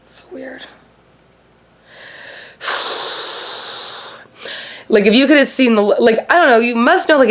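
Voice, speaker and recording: A woman hosting a casual TV recap vlog, rambling and swearing freely, with "like" in nearly every sentence. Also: mid-range voice. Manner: rambling, profane, heavy on "like". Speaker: show host.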